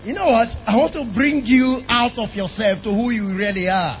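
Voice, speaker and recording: A man's voice: very high voice, normal speed, a bit bright, slight background noise, rough recording. A man preaching a sermon in an emphatic style, often asking the congregation questions.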